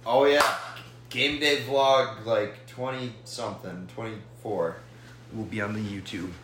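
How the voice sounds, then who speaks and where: A man's voice: on the low side, fairly even intonation, measured pace, reverberant, noisy background. A young man co-hosting a casual sports podcast, wry and teasing in his delivery. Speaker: podcast co-host.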